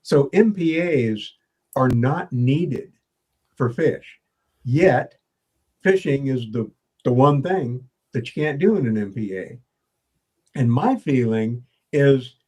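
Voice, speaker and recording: A man as a guest on a podcast, explaining his views in a measured, earnest way. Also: medium pitch, a little mellow. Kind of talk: podcast conversation.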